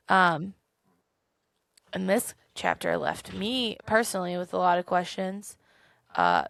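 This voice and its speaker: A woman co-hosting a podcast, chatting casually and retelling events in an animated way with frequent laughs. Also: fairly low pitch, gravelly, dry recording. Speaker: podcast co-host. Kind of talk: casual book-club chat.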